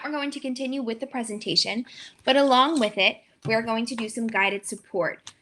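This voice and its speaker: Bright-voiced woman teacher sounding out letters. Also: a little high. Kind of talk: demo lesson walkthrough.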